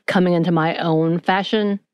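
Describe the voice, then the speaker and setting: Southern woman, podcast co-host, casual rambling talker, lowish voice, dry studio sound. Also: fairly even intonation, normal speed, darkish tone, clean tone, no echo, dull audio. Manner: chatty, rambling, laughs often. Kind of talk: casual chat.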